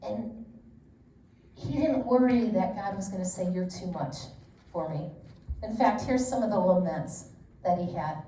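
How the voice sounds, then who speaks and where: A woman's voice: medium pitch, unhurried, long pauses, warm tone, a little hiss or hum. A middle-aged woman leading a women's Bible study, talking in a chatty, candid way with lots of asides. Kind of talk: casual teaching talk. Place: church meeting room. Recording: roomy echo, distant mic.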